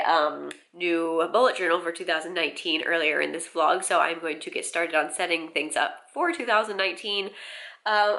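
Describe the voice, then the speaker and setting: A woman's voice: lowish voice, bright, forceful tone. A young woman with a stuffy, nasal voice, chatting casually to her vlog viewers with lots of fillers. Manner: chatty, lots of likes and ums. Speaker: vlogger.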